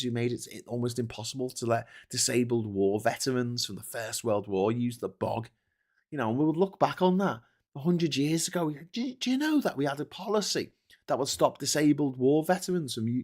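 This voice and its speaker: A man's voice: mid-range voice, darkish tone. Man, livestream host, casual commentary, indignant, swears a lot. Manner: indignant ranting with constant swearing.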